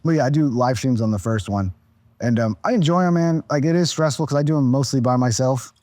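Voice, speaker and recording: A man's voice: medium pitch, a little fast, mellow. A man in his thirties sounds tired as he talks on a podcast. He rambles in a loose, laid-back way, swearing freely and restarting his sentences. His voice is dry and close, with no room echo. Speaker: podcast guest, content creator. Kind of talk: casual podcast chat.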